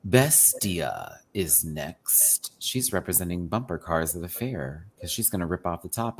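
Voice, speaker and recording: A man hosts a casual panel chat about runway looks. His talk is campy and animated, full of quick reactions and asides to viewers. He sounds like he is enjoying himself with friends. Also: low-pitched, a little hiss or hum. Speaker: host.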